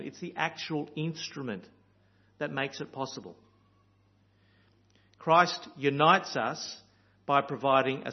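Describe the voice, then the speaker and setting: A man's voice: medium pitch, vocal fry, muffled recording. A man from Australia with an Australian accent, preaching a sermon in an earnest, storytelling way with frequent ums and uhs.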